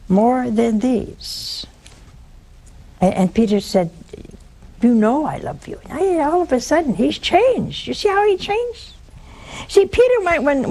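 An older woman delivers a live Catholic teaching talk to an audience, her style folksy and full of animation. Her voice swings between high, emphatic peaks and low, hushed moments.

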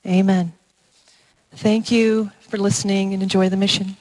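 A woman reads a scripted spiritual reflection in an even, mid-pitched voice. She speaks earnestly and gently and closes in prayer. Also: normal speed, low-quality recording. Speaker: presenter of a parish mission reflection.

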